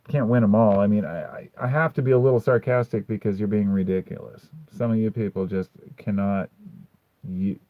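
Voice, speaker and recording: A man's voice: medium pitch, no room sound. A man hosting a live chat stream, reading comments and answering them bluntly and sarcastically, swearing often and saying "dude" a lot. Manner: argumentative, frequent "dude". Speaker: livestream host reading chat. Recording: dry, tinny phone-like sound.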